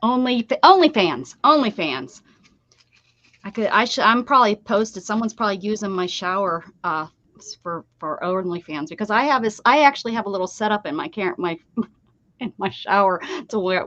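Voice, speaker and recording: A woman's voice: medium pitch, animated, moderate pace, a bit bright, no echo. A woman hosting a casual craft livestream, chatting and rambling with friends as she works, laughing often. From Pennsylvania. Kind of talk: casual chat while crafting. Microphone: desk setup with downward-pointed camera. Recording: slightly dull dry sound.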